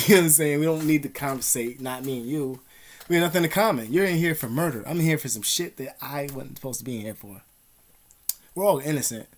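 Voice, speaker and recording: A man vlogging casual advice, rambling in profane street slang with many fillers. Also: mid-range voice.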